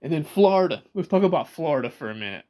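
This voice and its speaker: A man's voice: a little high, big pitch swings, quick pace, mellow. A man from Georgia with a Southern accent, talking casually to the camera and chatting about regional accents with rambling asides and laughs. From Georgia, USA.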